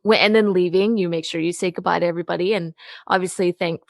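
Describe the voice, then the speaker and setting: A woman's voice: lowish voice, steady tone, fast talker, creaky, a little mellow, no room sound, studio quality. A woman hosting a casual interview podcast who laughs often and jumps in to steer the talk. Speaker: podcast host.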